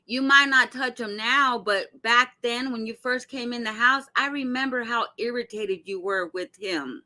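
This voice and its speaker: Bright, animated woman venting to viewers. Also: on the high side, unhurried. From Arizona. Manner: animated, blunt, swears freely, talks straight to viewers. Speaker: commentary host. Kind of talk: casual reaction commentary.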